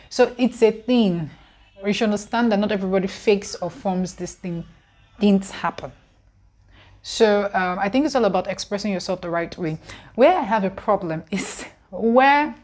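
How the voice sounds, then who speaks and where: A young woman with a Nigerian accent chats casually to her viewers. She talks in an emphatic, conversational way and laughs between points. Her voice sits in a middle pitch. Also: darkish tone. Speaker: vlogger. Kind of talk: casual talk to camera.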